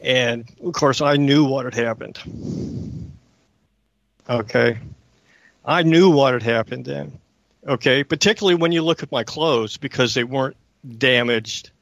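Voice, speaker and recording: A man's voice: mid-range voice, unhurried, gravelly, pauses often, a bit bright, dry recording. Male talk radio host, mid-range voice, very dry close mic, emphatic personal storyteller. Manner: earnest, emphatic, keeps checking in with listeners.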